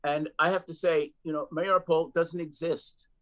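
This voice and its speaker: A male guest commentator in a political TV interview. He speaks emphatically, restarting and repeating words mid-sentence. His voice sits somewhat high for a man. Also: level tone, normal speed, fairly bright tone, rough recording.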